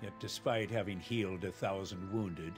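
An actor playing a solemn old male village elder in a video game, speaking in grave, measured tones. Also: low voice, steady tone, faint music behind, lightly acted. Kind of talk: video game character dialogue.

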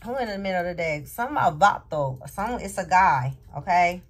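Low-voiced woman rambling through a tarot reading. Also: animated, moderate pace, husky. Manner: rambling, repeats "okay?" often. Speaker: tarot reader.

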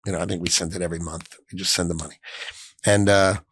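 A middle-aged man telling an emotional story in an interview, speaking emphatically and swinging between hushed and raised tones. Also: low-pitched, level tone, quick pace, husky. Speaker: finance executive, interview guest.

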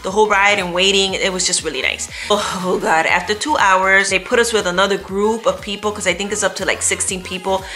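Bright, animated woman telling a story. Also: medium pitch, fairly quick, hardly any pauses, soft background music. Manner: animated, expressive retelling with frequent laughs. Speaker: vlogger. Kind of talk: storytime chat to camera. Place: at home.

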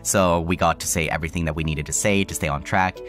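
A low-voiced man recounts a story in an easygoing, chuckling way. He speaks casually into a streaming mic, and faint music plays underneath. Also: fast talker. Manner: relaxed, chuckling anecdote. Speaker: VTuber streamer.

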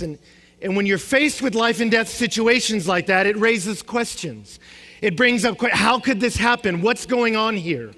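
A young man preaches with a very high, bright voice, swinging from emphatic rising questions to low, quiet statements. His words ring out with a long reverb from a large hall. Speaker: pastor. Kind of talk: sermon.

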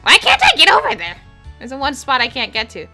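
A young woman hosting a let's play, excitable and giggly, chatting with friends and reading game lines aloud. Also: sits high, brisk, creaky. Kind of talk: casual group chat over gameplay. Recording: lo-fi mic, game music behind.

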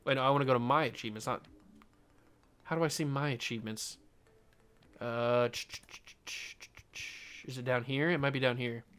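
A young man giving casual commentary while playing a baseball video game, excitable and repeating himself as he swings between groaning and cheering. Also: mid-range voice, normal speed, pauses often, clear, resonant tone. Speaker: gaming YouTuber. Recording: game music underneath.

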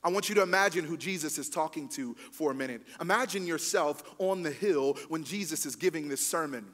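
A man's voice: fairly high pitch, a little fast. A man preaching a sermon as pastor, casual and emphatic, talking straight to the congregation. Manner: conversational preaching, lively and emphatic. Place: church hall. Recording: long hall reverb.

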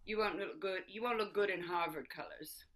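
A woman's voice: medium pitch, brisk, a bit bright, natural voice. An actress playing a grand, scheming society mother who speaks in an imperious, arch and theatrical way.

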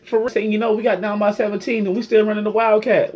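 A man's voice: high voice, brisk, hardly any pauses, breathy edge. A young man in a fan reaction video, ranting in frustration and repeating himself. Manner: frustrated, repetitive, animated. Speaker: sports fan vlogger.

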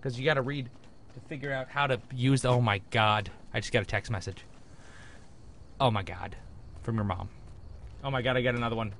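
A man's voice: medium pitch, a little fast, pauses often, fairly bright tone, slight background noise. A young man commentating his gameplay in a jokey, rambling way with frequent exclamations. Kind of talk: let's play commentary.

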